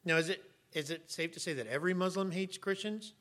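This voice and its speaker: Preaching fast in a high-pitched voice, a middle-aged pastor gives an emphatic sermon. Sometimes his voice rises into sharp shouting.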